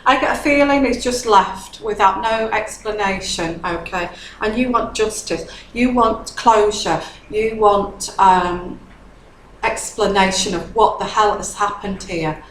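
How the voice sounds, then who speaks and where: A woman's voice: medium pitch, a little slow. A woman doing a casual tarot reading. She repeats her phrases, keeps asking "okay?" and sounds a little tipsy. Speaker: tarot reader. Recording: echoey room with faint background hum.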